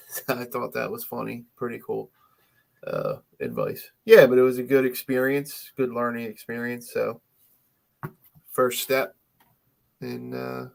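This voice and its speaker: A man's voice: mid-range voice, expressive, measured pace, gravelly, long pauses, a little mellow. A man co-hosting a casual podcast, talking in a rambling way with many fillers and restarts. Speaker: podcast co-host.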